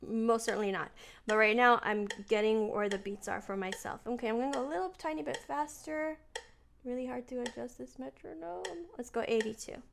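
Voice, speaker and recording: A woman piano teacher talking through her practice in a relaxed, chatty way, thinking aloud as she plays. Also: fairly high pitch, fairly quick, gravelly, very noisy. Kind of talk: casual piano practice lesson. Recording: voice over loud piano playing. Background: piano playing.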